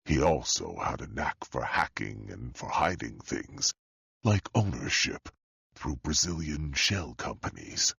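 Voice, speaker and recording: A man voicing a sinister, wealthy older male tech mastermind in an audiobook, speaking slowly and calmly with a deep, husky, gravelly voice. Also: no room sound, studio quality, heavily acted. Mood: cold, calm. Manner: slow, calm and menacing. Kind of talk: audiobook character voice.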